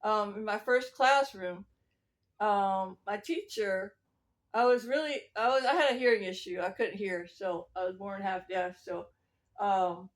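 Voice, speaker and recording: A woman giving a meandering religious testimony, preachy and chuckling between thoughts. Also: on the high side. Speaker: self-styled prophet.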